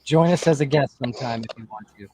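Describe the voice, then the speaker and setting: A man's voice: mid-range voice, quick pace, warm tone, slightly rough. A man co-hosting a casual chat, laid-back, reading out viewer questions. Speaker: co-host.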